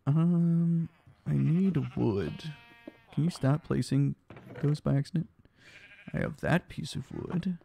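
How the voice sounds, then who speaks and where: A man's voice: fairly high pitch, slow pace, creaky, long pauses, mellow, a little hiss or hum. A young man streaming a block game live, chatting casually and reading his chat aloud, tired from lack of sleep. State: sleep deprived, yawning.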